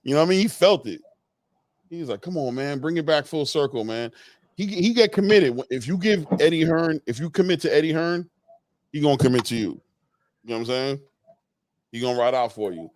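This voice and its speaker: A man hosting a casual boxing chat, excitable and slangy, laughing often. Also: a little high, fairly quick, pauses often, no room sound. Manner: excitable, laughing, slangy, says "bro" a lot. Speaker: boxing podcast host.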